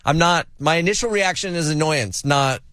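A man's voice: a little high, moderate pace, clear, resonant tone, no echo. A man co-hosting a morning radio show, telling stories with mock exasperation, in a studio. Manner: animated storytelling, mock-exasperated. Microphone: studio mic.

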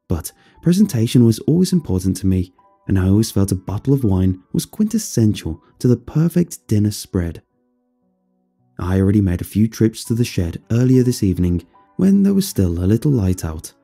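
A man narrating a first-person horror story in a measured, descriptive way. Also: fairly low pitch, warm tone, breathy edge.

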